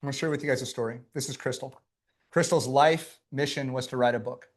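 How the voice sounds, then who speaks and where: A man's voice: medium pitch, steady tone, quick pace. A man giving a motivational workshop as a business coach, emphatic and punchy, repeating his key lines and talking straight to his audience. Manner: emphatic, punchy and repetitive, speaking to a live chat.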